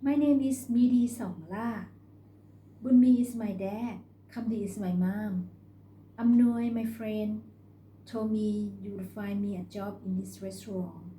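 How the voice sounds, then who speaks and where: A woman voicing a cheeky young rural woman from the northeast who talks in a bright, forthright way. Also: medium pitch, steady tone, a little slow, a little hiss or hum, natural voice. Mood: cheerful. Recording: roomy recording.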